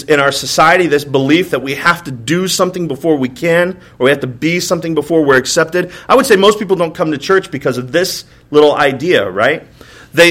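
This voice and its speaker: A man's voice: on the high side, fairly bright tone. A male pastor preaching a sermon in a church, telling humorous stories and acting out bits of dialogue, often checking in with "right?". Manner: humorous storytelling with acted-out dialogue; asks the crowd "right?" often.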